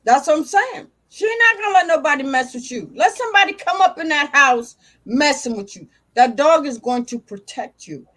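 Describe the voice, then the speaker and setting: An older woman hosting a casual live stream, loudly and playfully teasing a dog over a video call, swearing and calling its name again and again. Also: sits high, expressive, normal speed, hardly any pauses.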